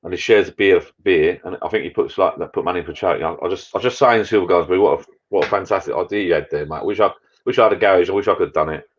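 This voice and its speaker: A deep-voiced man talking quickly and rambling on in a friendly, matey way on a live stream. He chats casually to viewers from his garden bar shed. The audio sounds a little muffled and lo-fi. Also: breathy edge. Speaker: vlogger hosting a live chat.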